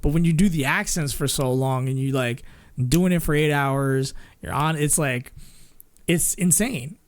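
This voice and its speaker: A man's voice: on the high side, measured pace. A man streaming and chatting casually, rambling with lots of fillers, restarts and little laughs. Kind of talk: casual chat with chat.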